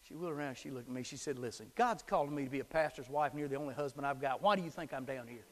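A middle-aged man preaching a sermon as a pastor, swinging from hushed whispers to shouted climaxes. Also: medium pitch, rapid-fire, in a large hall. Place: church sanctuary.

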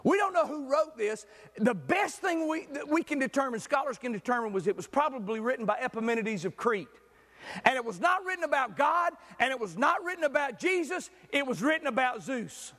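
Male preacher, high and lively, storytelling sermon in a reverberant church hall. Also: a little fast. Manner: animated storytelling, jokes with the congregation.

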